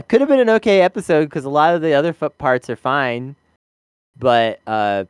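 Laid-back man with a smooth voice. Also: mid-range voice, no room sound, studio quality. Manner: rambling, laughs often, swears casually. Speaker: podcast co-host. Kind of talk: casual review chat.

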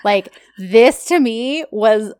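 A woman's voice: a little high, takes it slowly, clear, resonant tone, dry recording, clean studio sound. A woman co-hosting a casual podcast, talking through a TV episode with easy affirmations. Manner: relaxed, lots of affirming interjections. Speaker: podcast co-host. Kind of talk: casual chat recapping a TV drama.

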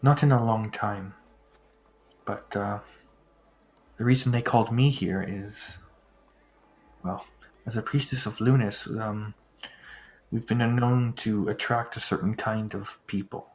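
Guy playing a soft-spoken priestess lady, calm and hushed, keeps it low. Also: unhurried, pauses often, lightly acted. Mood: secretive. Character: calm gentle priestess, older woman.

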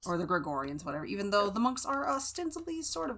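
A woman's voice: medium pitch, big pitch swings, fast talker, fairly bright tone. A woman co-hosting a podcast, chatting casually about a book with many fillers and restarts. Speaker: podcast co-host.

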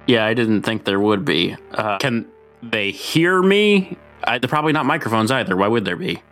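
Bright-voiced man, rambling player. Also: lowish voice, lively intonation, normal speed, faint music behind. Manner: rambling, self-correcting. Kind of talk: casual tabletop game play.

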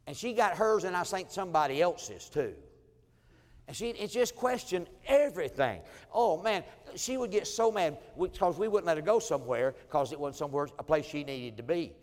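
A middle-aged male pastor preaching in a church, his slightly high voice carried by a long, ringing hall reverb. He tells homely family stories, slips into the voices of the people in them and chuckles along with his congregation. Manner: storytelling, acting out family quotes, chuckling asides. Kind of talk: sermon. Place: church sanctuary.

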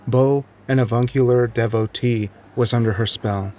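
Guy reading a short story, mid-pitched voice, even and wry, soft music in back. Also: normal speed. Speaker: narrator. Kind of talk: scripted narration of a short story.

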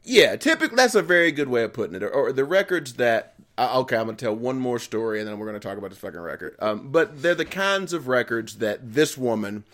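A man chats on a podcast. He tells long, rambling stories in a lively voice that swings widely in pitch. He swears freely and laughs often. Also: a little fast, few pauses. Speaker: podcast co-host. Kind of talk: casual chat.

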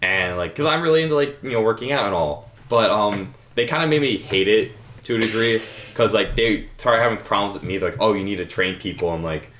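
A man's voice: lowish voice, fairly quick, roomy sound, a little hiss or hum. A teenage boy in casual chat, rambling along with lots of filler words. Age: teens. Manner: relaxed, filler-heavy rambling. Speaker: high school student.

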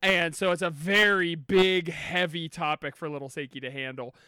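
A man's voice: a little high, steady tone, normal speed, sharp tone, clear, resonant tone, no room sound, clean studio sound. A man on a comedy podcast, playful and loose, laughing often while telling stories. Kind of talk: comic storytelling and banter.

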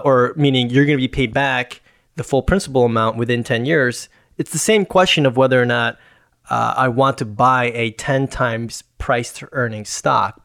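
A man's voice: medium pitch, fairly bright tone. Methodical man explaining stocks. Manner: patient, methodical, explains finance terms. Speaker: podcast host, investor. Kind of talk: casual explanatory chat.

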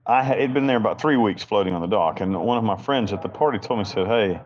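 Low-voiced blunt man telling stories. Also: fast, lo-fi sound, a little hiss or hum. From Western North Carolina. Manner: rambling, blunt, profane, self-mocking. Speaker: interview guest. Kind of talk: candid storytelling interview.

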